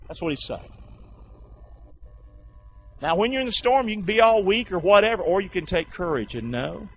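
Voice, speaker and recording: Man, preacher, call-and-response sermon, slow delivery, lively swooping pitch, lo-fi muffled sound. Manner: folksy and animated, swinging from loud to hushed. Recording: dull lo-fi sound.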